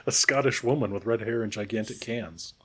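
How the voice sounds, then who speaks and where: A man's voice: lowish voice, fairly quick, fairly bright tone, breathy edge. A man chatting casually on a podcast, joking with plenty of fillers. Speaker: podcast co-host. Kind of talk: casual chat.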